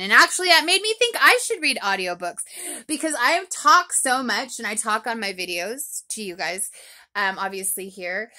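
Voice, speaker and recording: A woman talking alone as a podcast reviewer, chatty and rambling with lots of ums, in an animated, expressive voice. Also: mid-range voice. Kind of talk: solo recap vlog.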